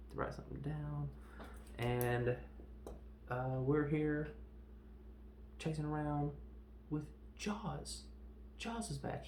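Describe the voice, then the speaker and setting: This podcast host reviews films, casually recapping one in a rambling way and acting out characters' lines with sound effects. His voice is medium-pitched, gravelly and dark, and the recording has a roomy echo with faint background noise.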